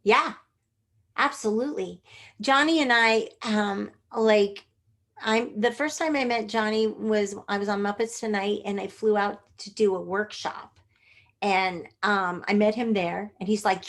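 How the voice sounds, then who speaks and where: A middle-aged woman from Northern California, a puppeteer telling stories in a lively interview and acting out the people she quotes. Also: medium pitch, normal speed. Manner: bubbly and expressive, acts out voices in quoted dialogue. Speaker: guest puppeteer. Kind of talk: animated interview storytelling.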